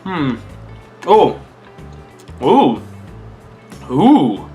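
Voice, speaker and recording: A man's voice: on the high side, very slow, faint music behind. A man from Scotland vlogging a casual taste-test review, chatty and thinking aloud while he eats. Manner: chatty and animated, muses aloud while eating.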